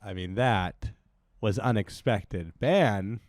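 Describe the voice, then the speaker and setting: A man co-hosting a comedy podcast, rambling and excitable, swearing casually as he reads listener suggestions. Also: on the low side, slow pace, dry recording, clean studio sound. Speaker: podcast co-host.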